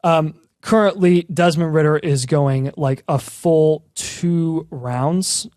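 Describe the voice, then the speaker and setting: A man's voice: on the high side, takes it slowly, darkish tone, no room sound, clean studio sound. A man co-hosting a casual talk show, making sarcastic, joking asides. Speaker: podcast co-host. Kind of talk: casual chat.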